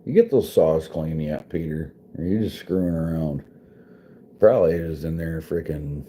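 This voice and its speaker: Talking at a moderate pace in an extremely low, warm voice, a man with a wife and kids chats casually with his stream viewers. He's a vlogger and livestreamer who rambles, swears and laughs frequently, and there's a little hiss or hum in the audio.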